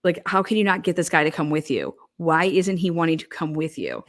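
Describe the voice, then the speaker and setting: A woman's voice: sits low, very animated, brisk. A woman giving casual, profane true crime commentary, blunt and heated, firing off rhetorical questions.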